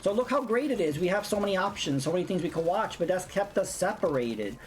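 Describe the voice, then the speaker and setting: A woman's voice: fairly low pitch, lively intonation, fast, a little hiss or hum. A woman streamer ranting bluntly in casual chat while playing a game, swearing freely. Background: faint game music.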